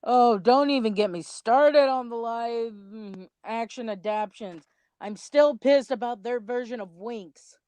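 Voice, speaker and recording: A woman's voice: a little high, unhurried, dark tone, smooth, no room sound. A young adult woman co-hosting a commentary video, chatty, rambling and a little self-conscious in casual chat.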